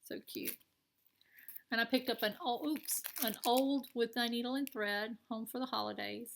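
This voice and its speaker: A woman's voice: a little high, fairly even intonation, normal speed, vocal fry, a little hiss or hum. A woman with a Southern American accent chatting casually and enthusiastically while showing her craft purchases. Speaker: cross-stitch vlogger. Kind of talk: casual show-and-tell chat.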